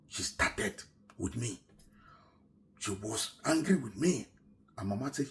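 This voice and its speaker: A middle-aged man with a Nigerian English accent tells a personal story, swinging from loud quoted lines down to near-whispers. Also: fairly low pitch, slow, long pauses. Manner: animated retelling, shouts quoted lines then drops to a near-whisper.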